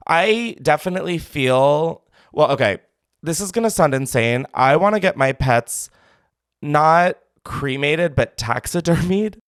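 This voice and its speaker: A man's voice: on the high side, animated, a little slow, smooth, no room sound, studio quality. A man hosting a call-in show, chatting casually and bluntly, swearing freely and thinking aloud.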